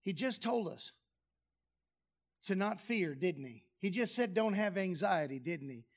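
A man preaching a sermon, lively and humorous, dropping low and soft on key phrases. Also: unhurried. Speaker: pastor. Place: church sanctuary.

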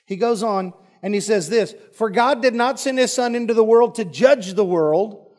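A man's voice: high-pitched, normal speed, a little mellow. A male pastor preaching a sermon, folksy and joking with the congregation.

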